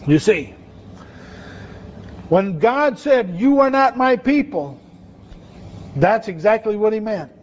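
A man's voice: high voice, measured pace, pauses often, a little mellow, muffled recording. A man preaching a sermon in a conversational way, asking his listeners questions. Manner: conversational, asks the audience questions.

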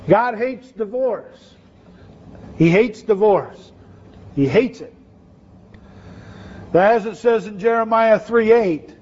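A man with a high-pitched, darkish voice preaches a sermon conversationally, putting questions to his listeners. The recording is muffled.

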